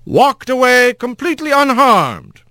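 A man's voice: very high voice, very animated, measured pace, sharp tone, dry recording, clean studio sound, pitched above the performer's own voice, exaggerated voice. A man doing a formal, probing prosecutor creature. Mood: leading. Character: male animal prosecutor, smooth and probing.

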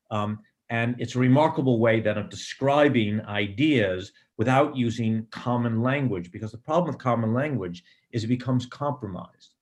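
A middle-aged man, a screenwriter, giving reflective interview answers in a thoughtful, digressive way with many pauses and ums. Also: medium pitch. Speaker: screenwriter and director.

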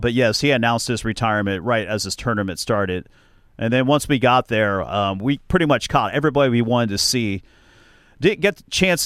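A man hosting a podcast, telling stories in a chatty, animated way and laughing often. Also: medium pitch, no echo, clean studio sound. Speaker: podcast host. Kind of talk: casual chat.

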